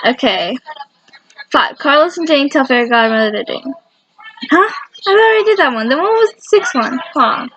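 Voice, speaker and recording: A fan video creator, this woman gives a casual countdown of fan commentary, enthusiastic and rambling, often correcting herself. Her high voice is animated and fairly bright, at a moderate pace with long pauses, on dull lo-fi audio with faint noise.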